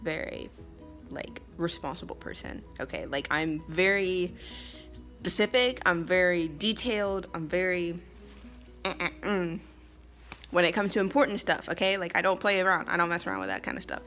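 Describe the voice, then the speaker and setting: A young woman from the United States tells a story to her vlog audience in a chatty, emphatic way, laughing often. Her voice sits low for a woman. Soft music plays faintly underneath. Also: expressive, moderate pace. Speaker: vlogger and English teacher abroad.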